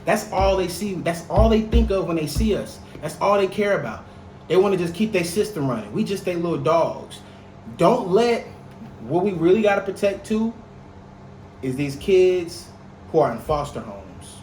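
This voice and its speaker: Heated young man, higher voice. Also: expressive, moderate pace, a little mellow, roomy sound, slight background noise, rough recording. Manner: heated, profane, emphatic. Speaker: podcast co-host. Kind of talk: casual podcast chat.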